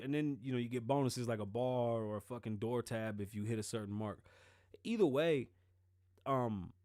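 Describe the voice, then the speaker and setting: A man's voice: mid-range voice, no room sound. A man in the middle of the usual male range talks in a loose, rambling way, swearing freely and joking to his audience. The sound is close and dry, with almost no room around it. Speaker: show host. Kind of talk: casual solo commentary.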